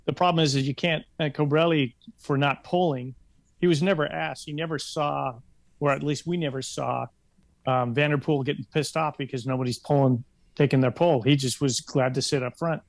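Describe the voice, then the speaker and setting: A man's voice: a little high, fairly even intonation, normal speed, gravelly, dry recording. A man on a podcast in casual chat, plainly explaining his reasoning.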